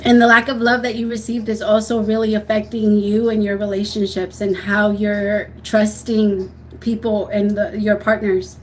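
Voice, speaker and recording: A young woman reads tarot live from home, her voice soothing, emotional and full of restarts. She sits at a mid pitch, close to her computer mic. A faint hiss runs under the talk. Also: flat delivery, moderate pace, rough recording. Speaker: tarot reader. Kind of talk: livestream tarot reading.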